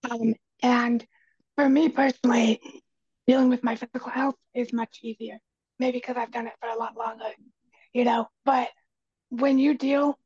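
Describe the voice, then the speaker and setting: Quiet, very raspy woman guest. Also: a little high, no room sound, dull audio. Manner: earnest and emphatic, repeats key phrases. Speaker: podcast guest, speaker and kitchen coach. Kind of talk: casual conversation.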